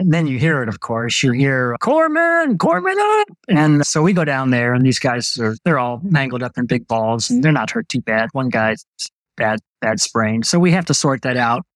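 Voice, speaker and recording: An older man, a retired Navy doctor, telling stories as a guest in an interview, relaxed and anecdotal. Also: mid-range voice, no room sound, low-quality recording. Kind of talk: storytelling in an interview.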